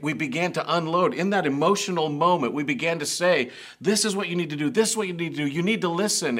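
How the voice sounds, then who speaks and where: A man's voice: medium pitch, bright, forceful tone. A man preaching a sermon, telling stories and building to emphatic, raised passages. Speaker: pastor.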